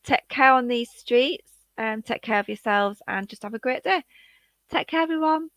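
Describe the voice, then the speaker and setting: Bright-voiced woman hosting a casual livestream. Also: on the high side, expressive, moderate pace, dry recording. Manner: chatty, warm sign-offs to viewers. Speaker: livestream host. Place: at home, late at night.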